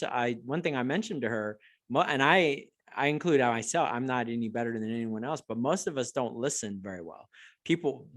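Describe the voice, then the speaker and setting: Earnest man in a casual chat. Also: mid-range voice. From United States. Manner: earnest, reflective, with halting restarts. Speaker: guest.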